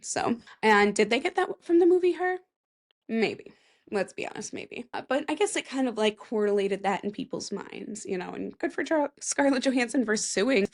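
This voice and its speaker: A woman's voice: on the high side, animated, normal speed. A young woman hosting a casual solo podcast, chatty and rambling, with self-mocking asides and a voice that cracks now and then. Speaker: podcast host.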